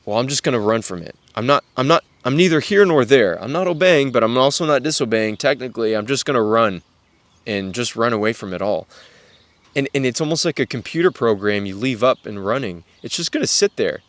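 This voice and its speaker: A young man hosting a devotional podcast, talking earnestly and repetitively to other men, dropping softly on words of address. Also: mid-range voice, lively intonation, fairly quick, dry recording. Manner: earnest, repetitive, drops to near-whisper on "guys". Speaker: Christian podcast host. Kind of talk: casual devotional talk to men.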